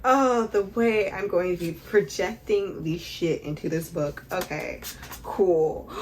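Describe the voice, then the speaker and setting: A young woman vlogging casually about a book, excitable and dramatic, with bursts of laughter and squeals. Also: lowish voice, slow pace, slight background noise. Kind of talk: casual reading vlog chat.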